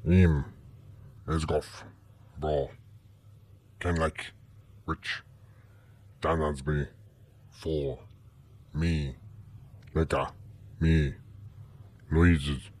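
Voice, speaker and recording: A man voicing an alien's recorded message, chanting slow nonsense words. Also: extremely low pitch, steady tone, a little mellow, exaggerated voice. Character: alien voice singing a looping message.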